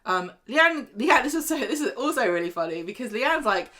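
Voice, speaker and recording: A woman's voice: fairly high pitch, sing-song, brisk, sharp tone. A woman co-hosting a casual chat, wryly recapping a soap and acting out the characters' lines. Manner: wry, acts out characters' lines. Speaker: podcast co-host.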